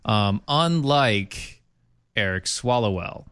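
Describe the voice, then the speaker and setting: Wisecracking low-voiced man. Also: animated, slow pace, fairly bright tone, clear, resonant tone, no room sound. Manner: joking, wisecracking. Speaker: co-host. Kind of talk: casual political chat.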